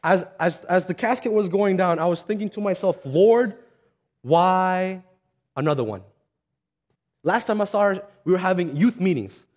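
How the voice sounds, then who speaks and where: A man's voice: high voice, a little fast, few pauses. A man preaching a sermon in a conversational, earnest way, telling stories and acting out the voices of the people in them. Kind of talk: sermon with storytelling.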